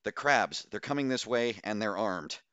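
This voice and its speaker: A man's voice: on the low side, lively intonation, moderate pace, a bit bright, smooth, dry recording, lo-fi sound. A man voicing a female expedition commander who gives urgent, clipped orders in an audiobook. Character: female expedition commander, decisive under pressure.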